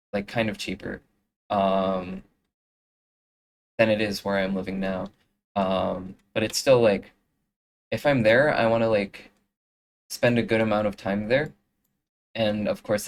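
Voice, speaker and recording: Young live streamer, unhurried, filler-heavy chat while making art. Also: deep voice, slight background noise, poor audio. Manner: rambling, full of fillers and restarts.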